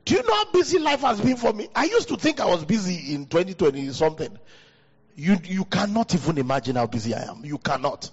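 A pastor with a West African accent preaching a sermon into a handheld mic, leaping up in pitch for emphasis. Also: male voice, brisk, husky. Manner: animated preaching, jumps high in pitch for emphasis. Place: church hall. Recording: dull hall recording with long reverb.

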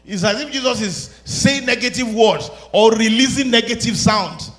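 A man preaching a sermon, animated, rising to shouts and laughing between his points. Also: very high-pitched, moderate pace.

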